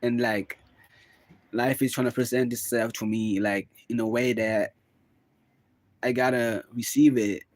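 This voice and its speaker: A man's voice: mid-range voice, fairly even intonation, a little slow, pauses often, no echo. A young man vlogging in a casual confessional monologue, rambling and musing, with constant fillers. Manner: rambling, musing, full of "like" and "bro".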